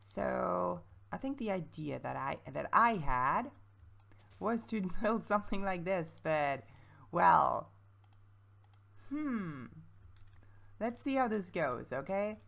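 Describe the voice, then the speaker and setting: A woman's voice: fairly low pitch, expressive, slow pace, pauses often, a bit bright. A woman giving casual gameplay commentary as a let's-play creator, thinking aloud in a chatty, self-mocking way. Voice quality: gravelly voice.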